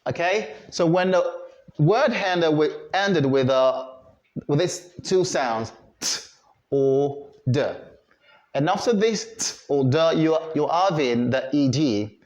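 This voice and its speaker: A man teaching English pronunciation in an online lesson, speaking slowly and deliberately and repeating each word for learners to copy. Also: a little high, expressive, a little mellow. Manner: slow and deliberate, repeating words for students to copy.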